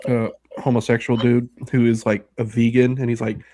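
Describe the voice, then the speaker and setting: A man's voice: mid-range voice, level tone, normal speed, dark tone, a little hiss or hum. A man co-hosting a casual podcast, dropping wry, sardonic one-liners. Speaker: podcast co-host.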